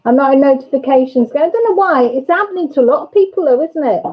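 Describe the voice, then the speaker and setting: Over dull lo-fi audio, a woman with a high-pitched voice and lively intonation talks quickly as she runs a casual livestream. She's a mother who greets viewers by name and chats with family members off-camera.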